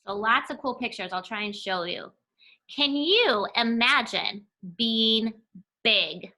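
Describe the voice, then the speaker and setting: Bright, lively teacher reading aloud. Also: female voice, a little high. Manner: playful, chatty asides to children. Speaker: elementary school teacher. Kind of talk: reading a picture book aloud to a class.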